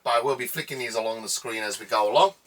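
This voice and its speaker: A man's voice: mid-range voice, quick pace, a bit bright, distant mic. A man in his thirties from South Africa with a South African accent, co-hosting a casual chat in a jokey, rambling way. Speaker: co-host.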